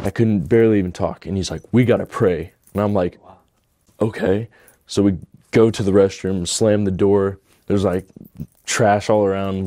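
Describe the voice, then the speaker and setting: A young man telling a personal conversion story in a halting, emotional way. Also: deep voice, dark tone, no echo, studio quality. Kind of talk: personal testimony.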